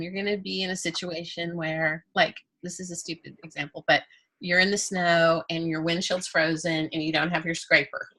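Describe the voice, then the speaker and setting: Bright, husky-voiced woman teaching a class. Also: lowish voice. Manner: candid and joking, with playful self-talk. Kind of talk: casual, chatty class talk.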